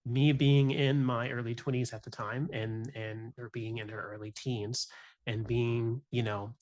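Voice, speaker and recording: A man's voice: mid-range voice, level tone, unhurried, darkish tone. A young adult man, a music teacher, talking earnestly and reflectively on a podcast, often adding "you know" and "right?". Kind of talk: candid podcast conversation.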